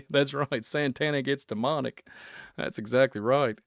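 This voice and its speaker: A man hosting a solo podcast, ranting in a rambling, excitable way. He chuckles often and trails off into muttering. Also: mid-range voice, unhurried, dry recording, studio quality. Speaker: podcast host.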